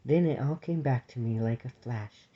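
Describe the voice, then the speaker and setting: A man's voice: mid-range voice, moderate pace, close to an everyday voice. A man voicing an earnest young female squirrel maid who speaks urgently and sincerely, on a dull lo-fi recording.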